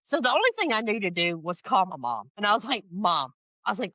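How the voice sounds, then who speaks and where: A woman guest telling a personal story in an interview, expressive and emphatic, acting out the voices she quotes. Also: mid-range voice, fast talker, dry recording, highs cut off. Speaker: podcast guest, spiritual guide. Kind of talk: animated storytelling in conversation.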